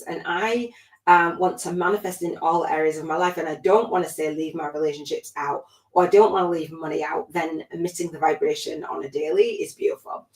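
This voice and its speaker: A lower-voiced woman coaching on a livestream, warm and gushing, laughing often and choking up with tears. She sounds like she's in a roomy space that gives her voice a noticeable echo. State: close to tears. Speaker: spiritual life coach and podcast host. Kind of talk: emotional motivational livestream talk.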